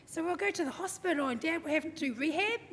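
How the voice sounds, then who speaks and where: A woman's voice: extremely high pitch, quick pace, a bit bright. A woman gives a family tribute at a service. She tells stories in a chatty way, with many ums and you-knows. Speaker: daughter giving a family tribute. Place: church hall. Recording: reverberant hall, faint background noise.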